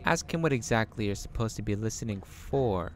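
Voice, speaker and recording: A man's voice: lowish voice, animated, a little fast. A young man casually commenting while playing a game, joking and reading choices aloud. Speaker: let's play host.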